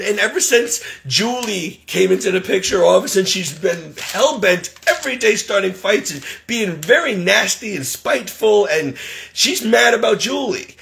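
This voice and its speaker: A man in his forties pours out a rambling, exasperated vlog through tears. His voice sits high for a man and has a gravelly, crackly edge, and his talk stays raw and emotional throughout. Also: fairly bright tone. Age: 40s. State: tearful, crying. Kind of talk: casual vlog monologue.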